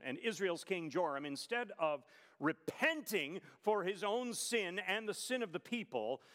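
A high-pitched man preaching a sermon, telling the story with emphatic pacing and pointed rhetorical questions. His voice rings out with a long reverb, as from a large hall. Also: a bit bright.

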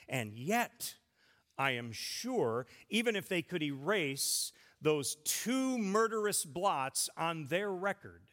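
A man preaching a sermon, emphatic, with big swings in pitch and volume. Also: a bit bright. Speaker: pastor. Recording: long church reverb.

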